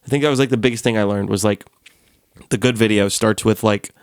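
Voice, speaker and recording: A man's voice: lowish voice, fast talker, smooth, no echo, studio quality. Chatty man hosting a casual chat. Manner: chatty, laughs often, lots of "like" fillers. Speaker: podcast host, musician.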